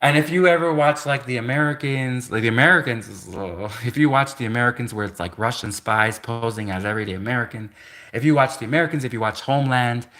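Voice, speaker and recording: Bright-voiced man rambling on a livestream. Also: medium pitch, fast. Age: 30s. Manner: rambling, full of "like" and self-corrections, laughs between thoughts. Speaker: livestream host. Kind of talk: rambling casual storytelling.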